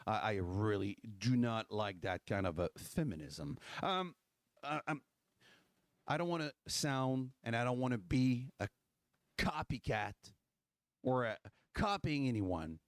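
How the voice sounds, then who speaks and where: A man, talking loosely and sarcastically as the host of a political livestream. His pitch jumps around a lot, and he often restarts his sentences. The sound is dry and close, with almost no room around it. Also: expressive, measured pace, no echo. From Quebec, Canada. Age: 40s. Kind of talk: casual political talk.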